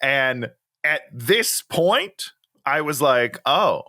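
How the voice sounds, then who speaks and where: Bright, lively ranting man. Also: a little high, normal speed, dry recording, studio quality. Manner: exasperated, ranting. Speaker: podcast co-host. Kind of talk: casual chat.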